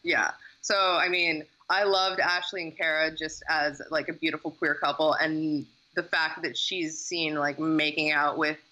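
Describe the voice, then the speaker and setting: A young woman co-hosting a gossip podcast with wry, deadpan jokes. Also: deep voice, unhurried, few pauses, low-quality recording. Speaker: podcast co-host. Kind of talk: casual celebrity gossip chat.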